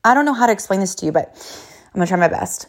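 A woman in her thirties tells a family story straight to her viewers, chatty and loose, with a steady stream of fillers. She slips into quick quoted voices for her kids and her husband, and her pitch sits in the middle range for a woman. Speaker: mother telling a family story.

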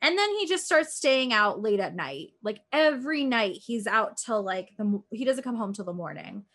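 A woman's voice: a little high, sing-song, moderate pace, a bit bright. A woman chatting casually as a podcast co-host, retelling a true-crime episode in a rambling way, full of "like" and acted-out quotes. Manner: rambling, heavy use of "like", acts out quotes.

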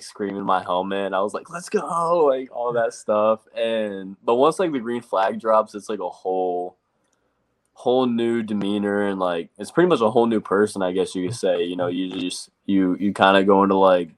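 A young man, a race driver being interviewed, telling his story casually and quoting himself with lots of "like". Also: deep voice. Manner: rambling, quotes himself with lots of "like". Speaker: race truck driver guest.

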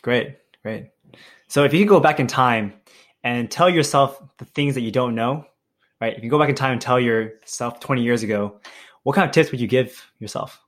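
Interviewer guy, mid-pitched voice, short "great, got it" replies then asks stuff. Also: moderate pace, a bit bright. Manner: brief, affirming. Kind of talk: interview questions.

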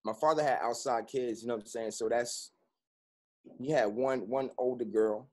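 A man's voice: mid-range voice, steady tone, moderate pace, a little mellow. A man, a guest speaking candidly and profanely in an interview, with constant "you know what I'm saying".

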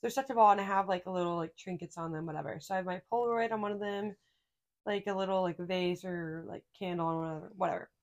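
A woman's voice: on the low side, steady tone, fast. A young adult woman co-hosting a podcast, telling stories in a casual, rambling way full of fillers and laughter. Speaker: podcast co-host. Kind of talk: casual chat.

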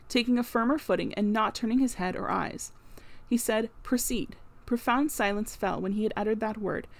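A woman narrating a classic novel in an even, unhurried storytelling voice. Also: a little high. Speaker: audiobook narrator. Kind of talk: scripted narration.

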